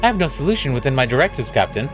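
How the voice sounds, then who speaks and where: A man's voice: mid-range voice, very fast, over music, lightly acted. A man reading the lines of a stubborn, formal emergency AI aboard a spaceship in a story game. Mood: dutiful. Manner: flat, formal, rule-bound. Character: calm stubborn ship AI assistant.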